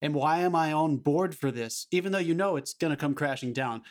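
A man co-hosting a podcast, talking about a film in an animated, emphatic way and swearing freely. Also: a little high, brisk. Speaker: podcast co-host. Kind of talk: casual film discussion.

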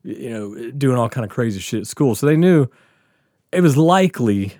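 A man's voice: medium pitch, expressive, normal speed, darkish tone, no room sound, clean studio sound. A man casually telling a profane, laughing story from his school days on a podcast.

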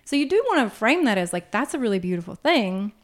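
Frank, animated woman on a podcast. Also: on the high side, fast talker. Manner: frank, animated, laughing asides. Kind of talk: casual podcast chat.

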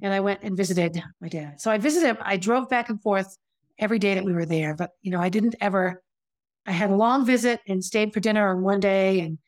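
A woman with a medium-pitched voice speaks a little fast, telling her own story candidly. She sounds reflective and confessional, chatting conversationally with frequent restarts and asides.

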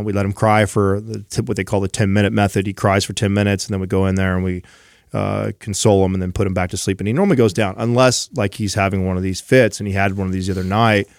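Relaxed rambling man, dry studio sound. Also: lowish voice, no room sound. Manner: relaxed, rambling storyteller with many fillers. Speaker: podcast co-host. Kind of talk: casual chat.

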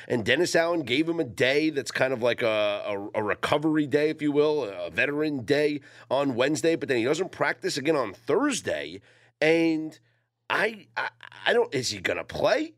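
A man co-hosting a sports betting podcast, casually breaking down games and odds. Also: medium pitch. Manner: lively, animated analysis of games.

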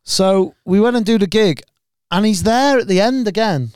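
A man spinning a rambling story on a podcast, full of swearing and put-on lines for the other characters. His voice is smooth and clear and sits a little high. The sound is dry and close to the mic. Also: normal speed, darkish tone, no echo. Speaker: podcast co-host. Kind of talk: casual chat.

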